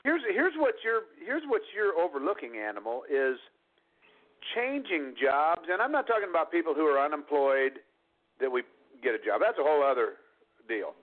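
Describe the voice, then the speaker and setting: A man's voice: fairly high pitch, sing-song, normal speed. A man co-hosting a talk show who argues bluntly and combatively and keeps calling people dude. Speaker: co-host. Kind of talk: heated debate on a call-in show. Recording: tinny phone line.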